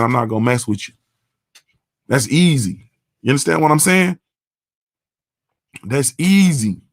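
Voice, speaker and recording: This morning show host speaks in a creaky mid-range voice, with a dry, studio-quality recording. He delivers a casual monologue that is blunt and full of profanity, often saying "you understand what I'm saying."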